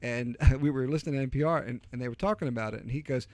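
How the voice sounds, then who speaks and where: Speaking very fast in a mid-range, darkish voice on a dry recording, a middle-aged man with a Delaware County Philadelphia accent co-hosts a podcast. His casual chat runs to rambling tales with lots of fillers and restarts.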